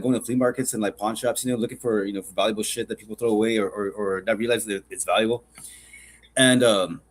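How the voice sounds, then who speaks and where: A man co-hosting a podcast, telling stories in casual chat, excitable and profane, often repeating himself as he builds up. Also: medium pitch. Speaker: podcast co-host.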